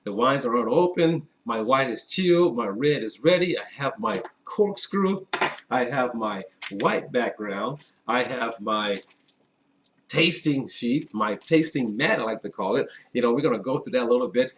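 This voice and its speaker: A man's voice: medium pitch, expressive, moderate pace, a little hiss or hum. Chatty man hosting a wine tasting. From Wisconsin. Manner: chatty and upbeat, talks straight to viewers. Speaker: wine reviewer. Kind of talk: casual wine tasting vlog. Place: indoors at a table with a white background.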